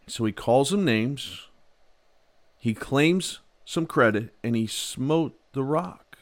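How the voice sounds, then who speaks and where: A man preaching a sermon, animated, swinging from loud outbursts to quiet, low passages. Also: slow, no echo, clean studio sound. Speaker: pastor.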